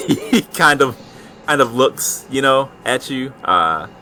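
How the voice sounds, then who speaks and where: A man narrating as game master of a tabletop role-playing game, talking with many fillers and pauses. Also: medium pitch, expressive, bright, forceful tone, slight background noise. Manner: hesitant, many fillers, voices a gruff ship captain in quotes.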